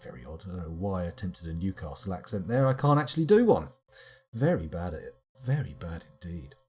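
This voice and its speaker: A man's voice: sits low, sing-song, brisk, mellow, breathy edge. A man streaming live, rambling wryly to himself as he plays. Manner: rambling, muttering to himself, wry asides. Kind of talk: live game commentary.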